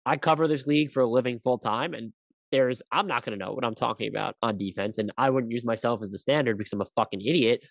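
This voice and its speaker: A man's voice: mid-range voice, quick pace, gravelly, no room sound. Dry, rambling male podcast host. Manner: rambling, self-correcting, stammers and swears casually. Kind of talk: casual podcast commentary.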